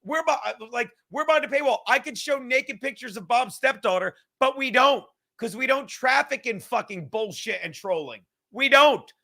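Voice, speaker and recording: High bright-voiced ranting New man. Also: animated, creaky. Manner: sarcastic, profane, fast-building rant. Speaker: podcast host. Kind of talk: animated ranting commentary.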